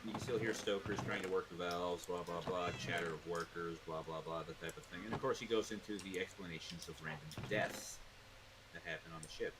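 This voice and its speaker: A man's voice: sits low, fairly even intonation, fairly quick, background noise. A man casually telling a rambling, laid-back story to a co-host. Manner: rambling, laid-back, uses fillers like blah blah blah.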